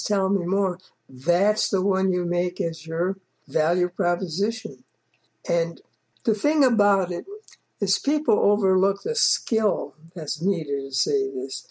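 A woman's voice: on the low side, darkish tone, breathy edge. A woman giving informal coaching on sales and networking, talking conversationally, repeating her points with frequent fillers.

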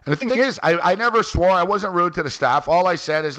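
A man's voice: a little high, a little fast, few pauses. A man co-hosting a sports radio show, telling a rambling story in casual chat and peppering it with "like" and "man". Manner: animated, rambling, frequent "like" and "man". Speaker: fantasy sports radio co-host. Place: on a trip in Halifax.

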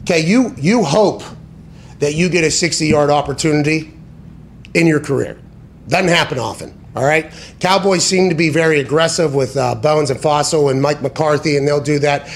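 A man's voice: fairly high pitch, moderate pace. A man hosting a sports talk show, talking casually in an emphatic, profane way and often correcting himself mid-sentence. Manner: tangents and self-corrections.

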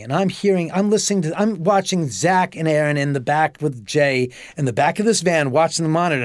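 Animated, profane storytelling man. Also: on the high side, no room sound, clean studio sound. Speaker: homeowner guest. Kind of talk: storytelling in a podcast interview.

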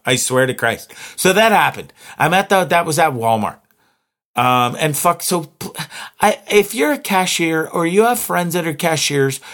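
A man's voice: fairly high pitch, fairly bright tone. A man letting loose a profanity-laced rant straight to the camera. He sounds thoroughly exasperated and keeps building to sarcastic outbursts. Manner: swearing, exasperated, mimics cashiers mockingly. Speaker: vlogger.

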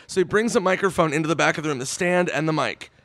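A man telling a story in casual podcast chat, animated and swearing, acting out what others said. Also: on the high side, fast, background noise. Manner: animated, swearing, acts out quotes. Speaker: podcast guest.

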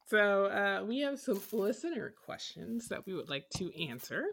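Woman co-host, breezy casual podcast talk, middle pitch. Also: very animated, moderate pace, gravelly, a bit bright, slightly rough. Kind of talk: casual chat.

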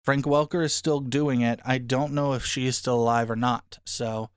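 A man's voice: mid-range voice, fairly even intonation, moderate pace, smooth, no room sound, clean studio sound. A man co-hosting a podcast, chatting casually and frankly as he reviews a movie, rambling a little and mocking what he disliked. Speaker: podcast co-host.

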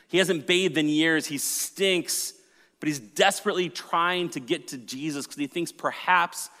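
Man preaching in a reverberant hall. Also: fairly high pitch. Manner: dramatic, swings from loud to hushed. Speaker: pastor. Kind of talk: sermon.

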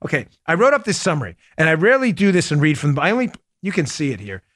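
A man's voice: a little high, wildly swooping pitch, fast talker, fairly bright tone, no echo, studio quality. A man hosting a political commentary podcast, talking emphatically and combatively, often calling his listeners folks. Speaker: podcast host.

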